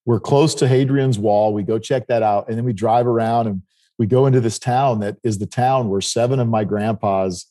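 A man's voice: mid-range voice, moderate pace, mellow. A middle-aged man from South Dakota telling a rambling travel story in casual chat. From South Dakota, United States. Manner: rambling anecdotal storytelling with restarts.

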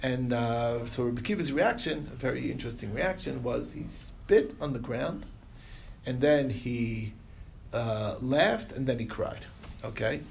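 Gravelly man teaching a casual Talmud class. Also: mid-range voice, measured pace, a little hiss or hum. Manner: loose retelling full of fillers and restarts. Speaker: Torah teacher.

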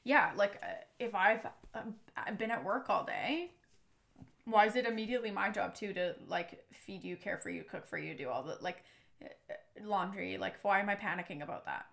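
Woman, podcast host, casual chat, animated storytelling, salty language. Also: medium pitch, normal speed, vocal fry. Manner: animated storyteller, swears freely.

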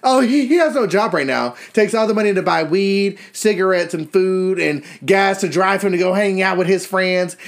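A young man co-hosting a podcast, telling profane, animated gossip stories and mocking other people's voices. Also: high voice, moderate pace, few pauses. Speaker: podcast co-host. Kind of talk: casual gossip chat.

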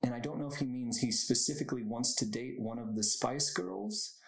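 A man's voice: medium pitch, animated, brisk, vocal fry. A young man hosting a podcast on his own, chatting casually, rambling off on tangents and laughing often. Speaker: podcast host. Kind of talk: casual solo podcast chat. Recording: echoey room.

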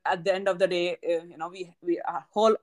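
Woman podcast host, lowish voice, measured and affirming. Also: steady tone, darkish tone. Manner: affirming, measured, often checks in with "right?". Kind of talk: conversational interview.

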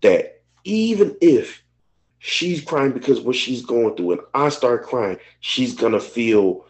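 A man's voice: medium pitch, lively intonation, takes it slowly, poor audio. A man co-hosting a podcast, talking openly and emotionally in casual chat, swearing freely. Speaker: podcast co-host.

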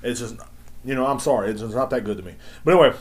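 A man's voice: mid-range voice, very fast. Profane man ranting in an echoey room. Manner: swaggering, slangy, profane, mocking. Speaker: podcast host. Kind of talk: profane solo podcast rant.

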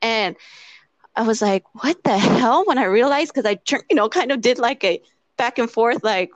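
A woman's voice: on the high side, normal speed, dry recording, lo-fi sound. A woman telling a personal story in casual chat. She rambles with lots of "like" fillers and acts out the quoted lines. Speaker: interviewee.

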